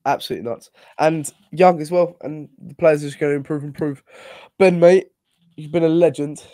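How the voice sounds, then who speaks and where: Young male co-host, excitable, laughs a lot, slightly higher voice, dry close recording. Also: dry recording. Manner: excitable, swears casually, quick laughs. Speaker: podcast co-host. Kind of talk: casual football chat.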